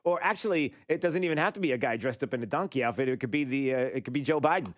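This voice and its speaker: A man hosting a talk radio show, rambling and animated, with many fillers and restarts. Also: mid-range voice, racing, dry recording, clean studio sound.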